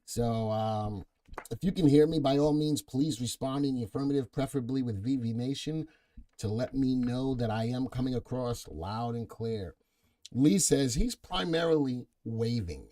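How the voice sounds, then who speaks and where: Man, middle-aged, live market show host; chatty, punny, warm low-brightness timbre. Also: normal speed. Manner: playful, punning, reads viewer comments aloud. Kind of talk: live market update chat with viewers.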